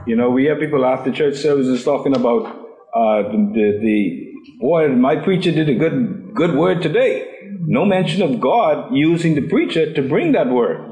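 A man's voice: mid-range voice, darkish tone, echoey room, poor audio. A man leading a Bible study class, asking the group questions and often repeating his words.

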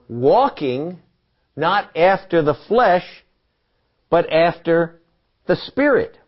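A man's voice: sits high, lo-fi sound. A man giving a Bible teaching talk, quoting scripture and asking the listeners questions. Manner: animated, asks the listeners questions and quotes scripture.

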